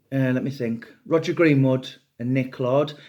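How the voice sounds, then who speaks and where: A man's voice: medium pitch, vocal fry, mellow. A middle-aged man and author talking casually and at length, rambling and chatty with some swearing. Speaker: true crime author. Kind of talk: casual monologue to camera.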